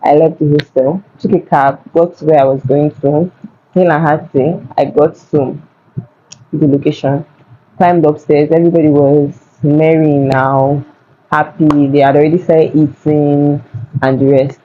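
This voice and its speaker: A young woman with a Nigerian accent telling a casual storytime to camera, chatty and animated. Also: sits low, a little slow, narrow, tinny audio. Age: young adult. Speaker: vlogger. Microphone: phone.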